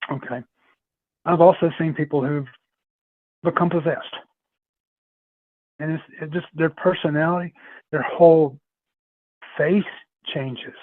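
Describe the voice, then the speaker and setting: As a podcast guest, a man spins long paranormal tales in a casual chat, rambling, repeating himself, and laughing a lot. His slightly high voice holds a fairly even intonation at a measured pace with long pauses, heard over a tinny, phone-like line without room sound.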